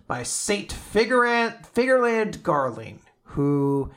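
An animated man hosts a casual podcast recap, swearing freely and laughing often. His voice is bright and sharp, pitched a little high. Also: takes it slowly. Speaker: podcast host. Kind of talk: casual chat recapping manga chapters.

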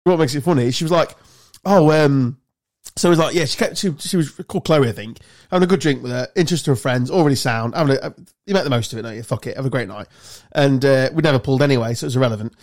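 A young man tells a long, winding anecdote in casual podcast chat. He swears freely and rambles through the story with animated energy. His voice sits at an ordinary male pitch. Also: very fast, few pauses. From South Lincolnshire, England. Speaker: podcast host.

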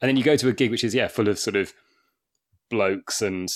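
A man, a stand-up comedian, chatting as a guest and telling lively anecdotes with frequent laughs. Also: fairly low pitch, a little fast. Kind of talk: casual chat.

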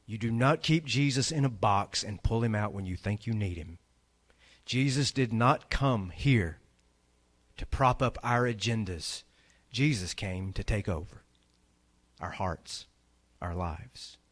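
A man preaching a sermon as pastor, emphatic, swinging between loud peaks and quiet low lines. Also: a little slow.

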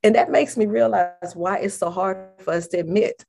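A woman in casual conversation about prayer, animated and expressive, acting out prayers with big jumps in her voice. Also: normal speed, gravelly, over music. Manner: animated, acts out prayers with big pitch jumps, laughs often. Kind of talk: casual faith chat.

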